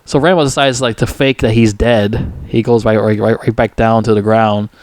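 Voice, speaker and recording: A man's voice: lowish voice, fairly even intonation, moderate pace, dry recording. A man reviewing a movie in a casual, rambling recap, swearing freely and stumbling over fillers and restarts. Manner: profane, full of fillers and restarts.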